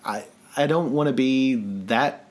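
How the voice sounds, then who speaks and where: A man's voice: mid-range voice, measured pace, slight background noise. A man co-hosting a podcast from his living room, talking in a chatty, self-deprecating way and laughing often. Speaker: podcast co-host. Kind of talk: casual podcast chat.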